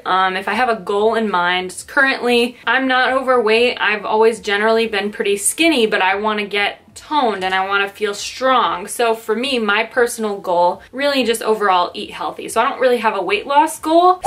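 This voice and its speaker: A lifestyle vlogger in her twenties chats casually to camera from her bedroom, upbeat and full of fillers. Her medium-pitched voice is a bit bright, and she sounds slightly out of breath.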